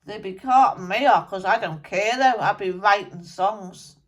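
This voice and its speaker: A woman's voice: mid-range voice, unhurried, muffled recording, natural voice. A woman channelling the spirit of a blunt, angry male rock musician, scolding and swearing at listeners. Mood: ranting.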